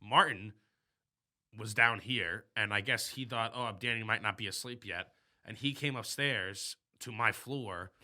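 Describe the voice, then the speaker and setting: Brief: young male podcast co-host, very bright tone, lively storyteller who acts out scenes. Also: on the low side, unhurried. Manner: animated storytelling, acts out his own screams. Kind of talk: casual chat.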